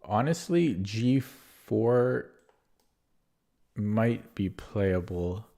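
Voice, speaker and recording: A man's voice: on the low side, animated, very slow, creaky, dark tone. A man commentating his own online chess games casually, thinking aloud with many fillers and restarts, his voice getting worn out. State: losing his voice. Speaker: chess streamer.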